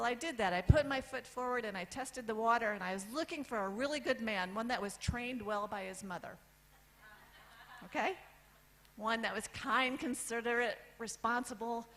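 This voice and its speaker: A woman in her fifties stands on stage and tells her own story in a candid, direct way. She lists things one at a time with pauses for effect. A faint hum sits under her voice. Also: a little high, a bit bright, rough recording. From United States. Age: 50s. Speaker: speaker telling her story. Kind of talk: personal story talk on stage. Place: event stage.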